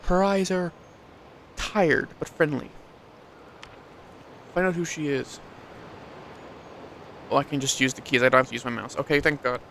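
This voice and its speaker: Let's-play gamer, a man, fairly high-voiced, joking and self-deprecating. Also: fairly even intonation, moderate pace, vocal fry, pauses often, fairly bright tone, a little hiss or hum. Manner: self-mocking, swears casually. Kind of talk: reading game text with joking commentary.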